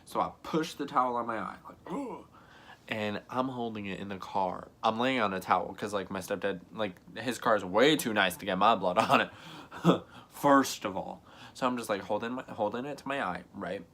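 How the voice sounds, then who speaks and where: A young man telling a story in a vlog, animated, often acting out other people's lines and filling his talk with "like". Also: fairly low pitch, a little fast. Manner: frequent "like" fillers, laughs between lines. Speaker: vlogger.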